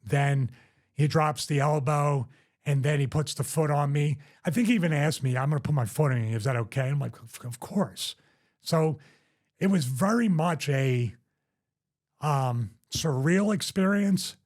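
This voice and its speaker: A man in his fifties hosting his own show, telling a story in a casual, animated, self-deprecating way and quickly quoting others. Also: fairly high pitch. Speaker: host.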